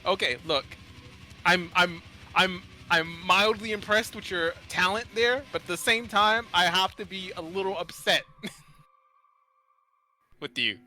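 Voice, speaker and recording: A man playing a tabletop role-playing game, animated and jokey, often stammering as he restarts his sentences. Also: high-pitched, slow pace, pauses often. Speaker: player.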